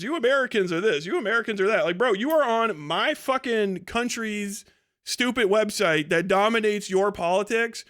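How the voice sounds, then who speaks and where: A man hosting a livestream delivers a profane, mocking rant full of constant swearing and scornful laughter, in an aggressive manner. His voice sits high and is a bit bright, clear and resonant.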